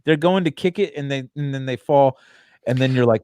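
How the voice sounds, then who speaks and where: A man hosting a podcast, telling stories in an animated, stumbling way. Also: medium pitch, brisk, clear, resonant tone, dry recording, clean studio sound. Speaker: podcast host. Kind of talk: casual podcast chat.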